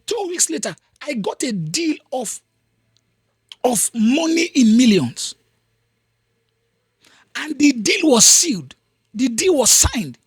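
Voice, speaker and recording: A man's voice: very high-pitched, sing-song, slow, long pauses, breathy edge, no room sound, studio quality. A man with a Nigerian accent hosting a podcast, giving an emphatic motivational talk and repeating phrases for weight. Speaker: podcast host.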